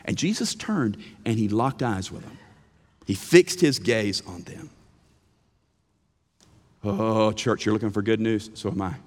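A man preaching a sermon as pastor, animated, swinging from emphatic lines to hushed ones. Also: lowish voice, a little slow, pauses often, long reverb tail. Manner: animated preaching with sudden drops to a hush. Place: church sanctuary.

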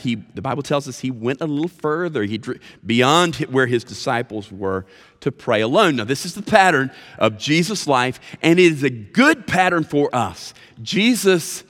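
A man preaching a sermon as pastor, expressive and emphatic, with deliberate pauses. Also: mid-range voice. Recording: reverberant hall sound.

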